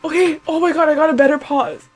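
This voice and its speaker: Woman, high voice, panicky, emotional, rambling reaction commentary. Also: quick pace. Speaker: anime reaction video host.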